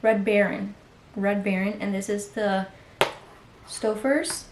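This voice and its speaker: A woman's voice: medium pitch, slow pace. Yeah just a young woman chatting into her vlog, says like a lot, kinda noisy background. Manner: chatty, filler-heavy, relaxed talk with many "like"s. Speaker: vlogger. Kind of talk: casual vlog chat.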